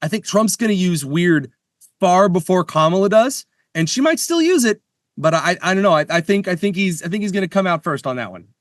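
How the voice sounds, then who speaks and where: A man talks in a relaxed, joking way as a podcast co-host, tripping over his words and restarting as he goes. His voice sits a little high and sounds dry and close to the mic. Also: brisk, dry recording. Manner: playful, stammering restarts, jokey bets. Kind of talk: casual chat. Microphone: studio mic.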